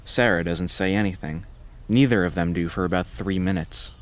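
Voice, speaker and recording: A man narrating a horror story in a measured, scripted storytelling voice. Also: sits low.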